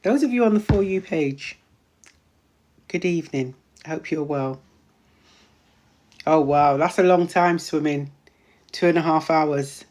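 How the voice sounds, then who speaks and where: A woman host, a menopause wellness practitioner, chatting casually on a live stream, greeting viewers by name, repeating herself, her voice starting to go hoarse. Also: low-pitched, a little slow, long pauses, a little mellow. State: voice going hoarse.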